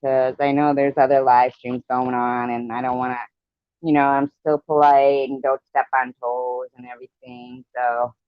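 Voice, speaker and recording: A woman's voice: very deep voice, little pitch movement, normal speed, clean tone, no room sound, dull audio. A woman hosting a live stream, chatting casually and rambling about old movies she remembers. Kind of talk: casual chat.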